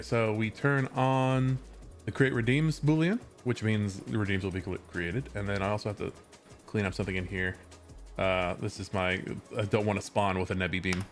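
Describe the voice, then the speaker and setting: Low-voiced American man, chatty live streamer. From California, USA. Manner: rambling, self-correcting, chatty with viewers. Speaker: livestreamer and game developer. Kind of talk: casual live-stream chat while working.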